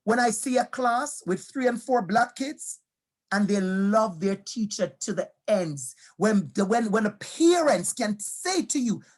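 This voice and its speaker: Unhurried and animated, a high-voiced man motivates a room of teachers with personal stories. He hammers home key phrases, poses questions, and speaks straight to his listeners.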